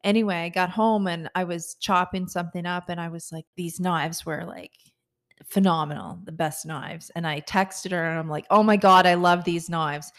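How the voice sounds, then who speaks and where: A woman's voice: fairly low pitch, fairly even intonation, normal speed. Chatty woman podcast co-host. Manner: chatty storyteller, laughs often. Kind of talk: casual chat.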